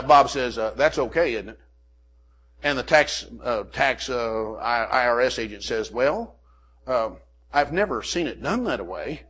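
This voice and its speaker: A man's voice: a little high, sharp tone, husky. An older man preaching a sermon, telling a folksy personal story full of "amen" and "you know" asides. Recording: muffled lo-fi recording.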